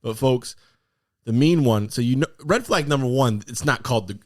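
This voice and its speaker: A man's voice: mid-range voice, expressive, normal speed, no room sound, clean studio sound. A man co-hosting a podcast, telling stories animatedly and laughing often. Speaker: podcast co-host. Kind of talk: casual chat.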